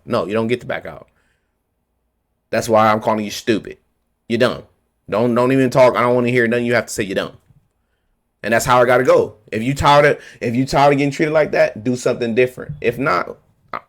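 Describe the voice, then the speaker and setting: A man ranting to camera about politics, heated and confrontational, hammering his points by repeating them in blunt street slang. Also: medium pitch. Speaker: vlogger.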